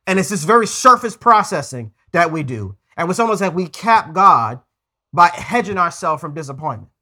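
A man's voice: on the high side, very animated, moderate pace, pushed and bright. A man preaching a conversational sermon as pastor, earnest, often stumbling and repeating words as he goes.

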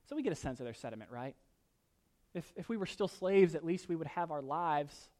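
A male pastor delivering a sermon in a fairly high voice. He swings between quiet explanation and loud, slowed-down readings of scripture, with casual jokes thrown in. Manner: animated, rises loud when reading scripture, jokes asides.

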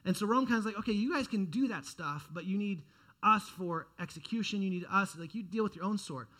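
A young adult man preaching a sermon in an earnest way, often restarting phrases and swinging from quiet to loud. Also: high voice, brisk. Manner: earnest, repeats words and restarts phrases, dynamic rises and drops in loudness. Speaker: pastor.

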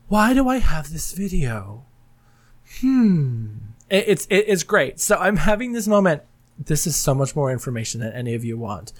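Chatty woman hosting a solo podcast. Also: sits low. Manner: rambling and candid, laughs often mid-sentence. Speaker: podcast host. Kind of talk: casual solo podcast chat.

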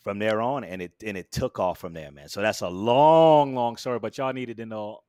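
A man recounting a story in a relaxed interview, lively and expressive. He acts out quotes with sudden jumps in pitch and loudness. The sound is dry and close, with no room around it. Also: moderate pace, clear, resonant tone, no room sound. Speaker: guest.

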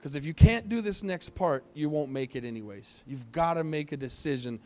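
A pastor leading an altar call during a church service, speaking earnestly with pleading, repeated phrases. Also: male voice, fairly high pitch, expressive, moderate pace, warm tone.

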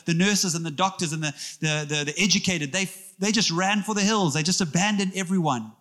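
Pastor, man, high voice, animated sermon with jokes. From South Africa. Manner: animated, joking with the congregation. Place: church.

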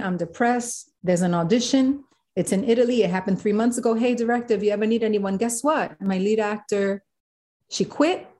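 A woman, a guest in an interview, telling a story with animated quoted voices. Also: on the high side. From South Bronx, New York. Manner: animated, acts out quotes of others.

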